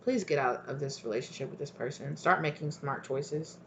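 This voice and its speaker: Her voice is low and gravelly, and she speaks briskly over heavy background noise. A woman doing a casual tarot reading, she is blunt and rambling, full of fillers, swears freely and acts out others' reactions in quoted voices.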